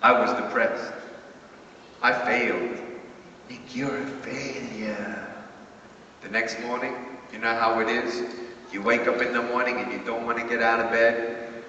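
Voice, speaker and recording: A man's voice: mid-range voice, level tone, normal speed, long pauses, pushed and bright, slight background noise. A man giving a motivational talk to a large young audience, telling his story with animation and acting out every part. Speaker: motivational speaker. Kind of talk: motivational talk with acted-out stories. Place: large event hall before a young audience. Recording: echoey hall, distant mic, dull sound.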